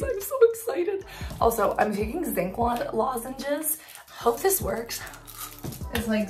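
A young woman who is sick and congested, chatting excitedly in a casual unboxing vlog. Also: medium pitch. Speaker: beauty vlogger.

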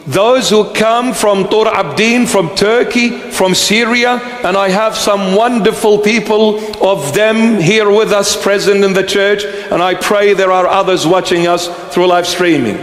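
A man preaching a sermon as a bishop, whose first language is Aramaic, speaking slowly and repeating phrases for emphasis in a church. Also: high-pitched, fairly bright tone. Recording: echoey church hall.

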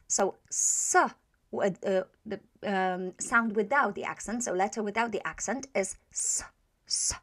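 A fairly high-pitched woman giving a pronunciation lesson at an unhurried pace. She models each sound patiently and repeats it over and over, with plenty of hesitations between explanations. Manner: frequent hesitation fillers. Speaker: language teacher.

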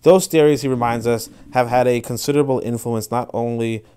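A man hosting a podcast, talking through ideas in casual spoken commentary, rambling with many restarts and fillers and breaking into animated bursts. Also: medium pitch, brisk, smooth. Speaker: podcast host.

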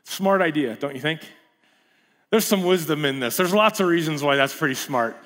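A man preaching a sermon in a casual, animated way, full of rhetorical questions and asides. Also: fairly high pitch, normal speed.

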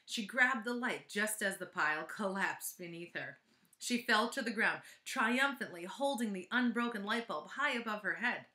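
A woman's voice: mid-range voice, expressive, moderate pace, pushed and bright. A woman reading a children's chapter book aloud with chatty asides, in an echoey room. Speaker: reader.

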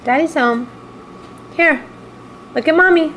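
A woman's voice: high voice, takes it slowly, a bit bright, slight background noise, rough recording. A woman filming her babies at home on a handheld camcorder, playful and cooing, laughing often as she talks to them. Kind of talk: home video chat. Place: at home indoors.

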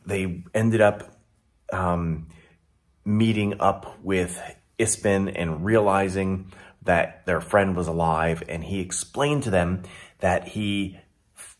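A man recapping his tabletop session and giving casual advice as a dungeon master, rambling along with many restarts. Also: low-pitched.

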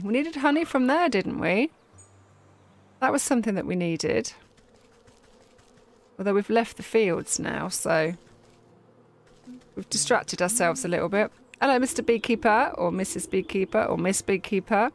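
A woman chatting through a game, chatty and quick to exclaim, her voice swinging lively up and down. A faint hiss sits under her voice. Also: mid-range voice, gravelly. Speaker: game streamer. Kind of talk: gameplay commentary.

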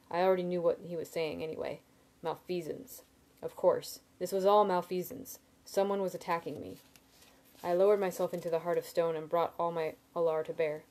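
A woman reading a novel aloud in steady first-person narration, with small slips and restarts. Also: lowish voice. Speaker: reader.

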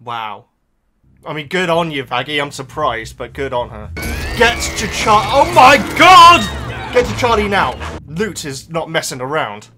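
A woman reacting to an animated episode in casual commentary, excitable and pleading at the screen. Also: deep voice, normal speed, music in the background. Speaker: reaction video host. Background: show audio playing.

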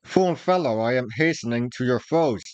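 A man's voice: mid-range voice, expressive, normal speed, dry recording, natural voice. A man reading aloud, voicing a proud, hot-tempered young male outlaw archer in old-fashioned speech. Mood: exasperated. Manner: archaic, old-fashioned speech, forceful outbursts.

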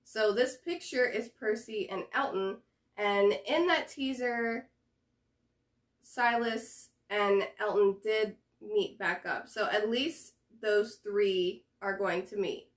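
A woman's voice: mid-range voice, takes it slowly. A woman hosting a reaction video, chatting casually to camera and thinking aloud with fillers and hesitations.

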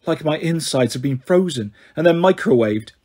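Man reading impatient stubborn kid hero, pushy, a bit husky. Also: a little high, lively intonation, normal speed, darkish tone. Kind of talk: audiobook character reading.

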